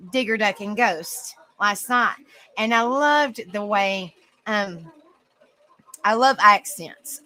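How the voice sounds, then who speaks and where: A woman's voice: medium pitch, bright, forceful tone, poor audio. A woman hosting an open panel in casual chat, rambling with lots of fillers and frequent giggles.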